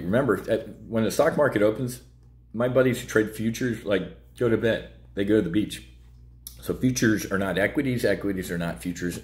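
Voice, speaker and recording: Blunt low-voiced man. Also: a little mellow. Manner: blunt, heated, rambling with fillers. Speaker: trading show host. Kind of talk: casual market commentary.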